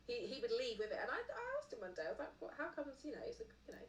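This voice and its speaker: A woman argues in a quick, insistent stream of words, her voice sitting a little high. She talks over the others to hold her point. She sounds distant in a roomy space with faint ambience behind her. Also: huge pitch swings, a little hiss or hum. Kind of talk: casual debate.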